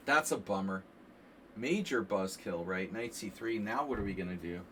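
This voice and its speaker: A man casually commenting on chess games during a live stream, rambling and animated with lots of filler words. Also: fairly low pitch, moderate pace. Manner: rambling and animated, frequent "like" and "you know". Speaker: chess coach streaming a lesson. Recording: distant mic with faint background hiss.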